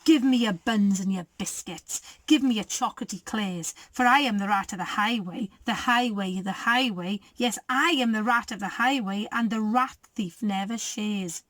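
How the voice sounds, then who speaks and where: A woman's voice: mid-range voice, moderate pace, hardly any pauses, fairly bright tone, no echo, natural voice. A woman reading as a greedy bragging robber rat. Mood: boastful. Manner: boastful, bossy, sing-song chant. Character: greedy swaggering male highway robber rat.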